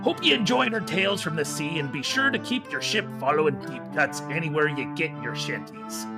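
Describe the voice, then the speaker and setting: A man's voice: fairly high pitch, lively intonation, music in the background. A man voicing a hammy pirate captain reading a podcast sign-off. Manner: theatrical, drawn-out pirate delivery.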